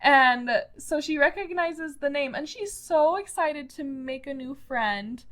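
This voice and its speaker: A young woman co-hosting a podcast, retelling scenes in a giggly, animated way with quoted voices. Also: high-pitched, measured pace. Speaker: podcast co-host. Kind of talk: casual chat about an anime.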